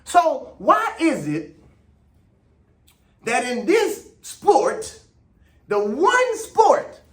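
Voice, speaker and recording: A man's voice: very high voice, wildly swooping pitch, very slow. A man hosting his own video show, ranting passionately to camera as a runner, repeating his points and stretching out words for emphasis. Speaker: vlog host and runner. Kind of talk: heated opinion rant to camera.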